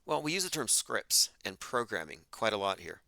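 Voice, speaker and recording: A man's voice: lowish voice, sing-song, moderate pace, gravelly, pushed and bright, no room sound. A man hosting a livestream, delivering an emphatic, argumentative monologue and reading out chat comments. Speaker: podcast host.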